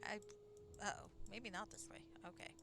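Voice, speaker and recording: A woman's voice: mid-range voice, steady tone, normal speed, over music. A woman streaming a game live, chatting casually in a rambling way and swearing now and then. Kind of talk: casual live gameplay commentary.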